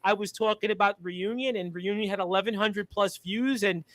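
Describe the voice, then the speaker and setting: A man's voice: high-pitched, fairly even intonation, normal speed, fairly bright tone, no room sound. A man from Brooklyn, hosting a casual radio interview and reading out listener comments in a rambling, filler-heavy way. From Brooklyn, New York. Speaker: radio show host.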